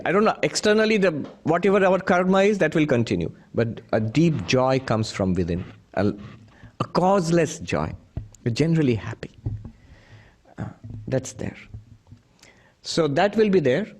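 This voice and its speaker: A man's voice: a little high, expressive, moderate pace, a little mellow. A man who is a monk, giving a spiritual talk full of anecdotes, chuckling often as he tells them. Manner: chuckling storyteller, many restarts. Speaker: monk teacher.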